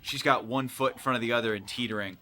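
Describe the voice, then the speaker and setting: Talking at a quick clip in a mid-range voice, the co-host casually recounts something that happened at work while gaming. His delivery is animated, with him playing out the people in the tale.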